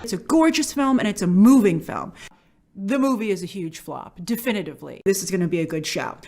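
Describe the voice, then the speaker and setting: A woman film critic doing movie review commentary, gushing and emphatic one moment and flatly dismissive the next. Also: medium pitch, fairly quick.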